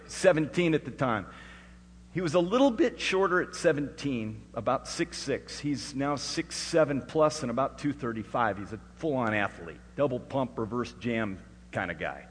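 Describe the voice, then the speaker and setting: A man's voice: mid-range voice, expressive, moderate pace, slightly rough. Middle-aged man preaching in a hall. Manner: storytelling, swings from hushed to loud and emphatic. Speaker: pastor. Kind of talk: sermon. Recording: echoey hall with faint hum.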